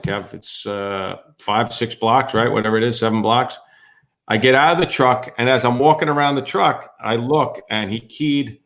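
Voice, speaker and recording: A man who works as a firefighter tells a story on a podcast in casual chat, animatedly acting out the voices of the people in it. His voice sits in the mid-range.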